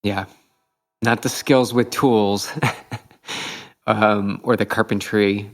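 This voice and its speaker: Lower-voiced man telling an eager race story. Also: creaky, fairly bright tone. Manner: enthusiastic, reflective, many fillers. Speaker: podcast host, triathlete. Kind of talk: casual storytelling chat.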